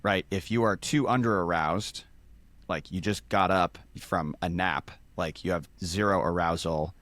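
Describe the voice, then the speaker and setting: Deep-voiced guy breaking down sports science, lots of "like", dry close sound. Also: unhurried, fairly bright tone, no room sound. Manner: explains step by step with many "like" fillers. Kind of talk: casual explanatory chat.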